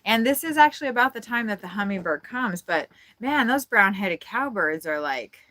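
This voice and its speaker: A woman's voice: medium pitch, expressive, moderate pace, sharp tone, low-quality recording. A woman hosting a casual birdwatching livestream from inside an RV, chatty and playful with frequent giggles. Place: indoors in an RV.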